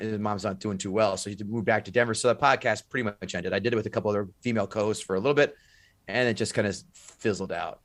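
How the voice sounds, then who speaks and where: A man's voice: fairly low pitch, a bit bright, no room sound. A man who is a stand-up comic, telling stories animatedly in a casual podcast chat, swearing and acting out quotes.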